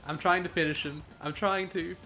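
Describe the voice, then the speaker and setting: A young man commentating his own racing gameplay live, playful and jokey, getting excitable as he races. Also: a little high, normal speed, slight background noise. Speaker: gaming streamer.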